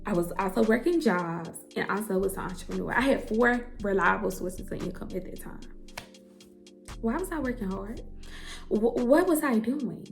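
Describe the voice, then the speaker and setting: A woman's voice: medium pitch, expressive, moderate pace, vocal fry, soft background music. A young woman, a hairstylist, telling her story to the camera in a blunt, emphatic way, swearing freely and calling her listeners girl and y'all. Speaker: hairstylist and entrepreneur.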